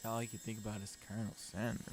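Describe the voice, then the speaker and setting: A man's voice: lowish voice, little pitch movement, fast, noisy background. A man streaming a dating-sim game, reading the text aloud and reacting with laughter and lots of fillers. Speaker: gaming streamer.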